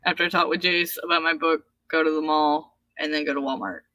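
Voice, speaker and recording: Bright chatty woman hosting a writing stream, laughs a lot, dry close sound. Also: low voice, steady tone, a little fast, dry recording. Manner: laughs often, chatty, reads chat aloud. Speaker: host of a writing livestream. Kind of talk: casual chat.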